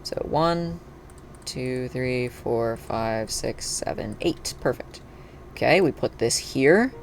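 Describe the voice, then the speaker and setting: A live streamer chatting casually while playing, thinking aloud and breaking into excited cheers. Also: mid-range voice, takes it slowly, a little hiss or hum. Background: faint background music and keyboard typing.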